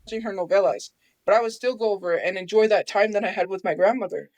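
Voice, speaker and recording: A woman's voice: mid-range voice, quick pace, darkish tone, no echo. Aggrieved woman from New Mexico, dry sound. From Albuquerque, New Mexico. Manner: aggrieved, defensive. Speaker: livestreamer. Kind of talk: livestream monologue.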